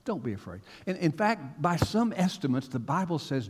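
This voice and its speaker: A man preaching a sermon to a congregation, telling stories with animated swings from hushed to loud. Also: mid-range voice, normal speed, few pauses. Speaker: pastor. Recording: long reverb of a large hall.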